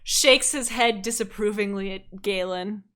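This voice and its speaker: A woman narrating a tabletop game as game master, playful and joking, doing quick voices for townsfolk. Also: mid-range voice, fairly bright tone.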